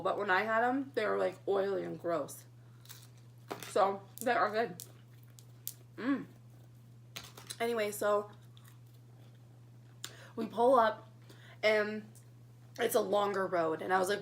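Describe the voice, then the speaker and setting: A young woman tells a rambling story to her camera between bites, chatty and animated. Her voice has a gravelly fry running through it, and a faint hum sits under the recording. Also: mid-range voice. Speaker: vlogger. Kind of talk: casual mukbang storytime.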